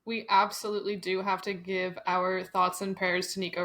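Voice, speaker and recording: A woman's voice: fairly low pitch, little pitch movement, moderate pace, fairly bright tone. A woman co-hosting a podcast, giving wry remarks and running through race results in casual chat. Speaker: podcast co-host.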